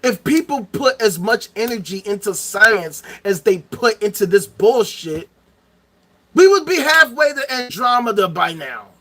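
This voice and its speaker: A man's voice: high voice, lively intonation, a little slow, pushed and bright. A man ranting angrily into the camera, profane and heated, hammering points home by repeating them. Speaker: vlogger. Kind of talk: angry ranting monologue.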